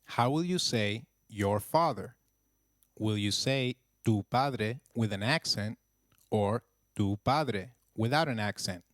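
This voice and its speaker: A man narrating a scripted language lesson with slow, clear, encouraging drills. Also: on the low side, expressive, a bit bright, no room sound, studio quality. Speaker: language teacher.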